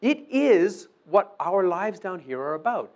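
A man's voice: high voice, very animated, unhurried. A man preaching a sermon, asking his listeners questions and acting out quoted prayers. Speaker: pastor.

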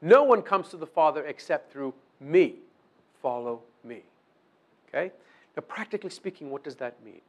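A man's voice: on the high side, animated, moderate pace, darkish tone. A man preaching a sermon, asking his listeners questions and acting out quoted prayers. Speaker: pastor.

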